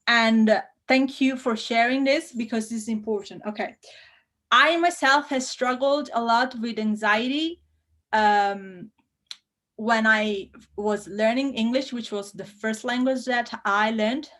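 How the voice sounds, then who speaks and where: A woman hosting a live language-learning Q&A, bubbly and effusive with excited bursts. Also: a little high, unhurried. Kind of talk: casual live-stream chat.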